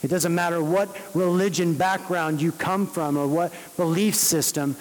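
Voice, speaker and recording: A man preaching a sermon, earnest and steady, rising to emphatic peaks. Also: fairly high pitch, normal speed, big-room sound, poor audio. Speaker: pastor.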